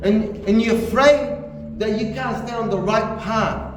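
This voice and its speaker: A man's voice: high voice, a little slow. A man giving an earnest sermon in a mosque, often repeating phrases for emphasis. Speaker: preacher. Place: mosque hall. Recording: echoey hall, distant mic, faint noise.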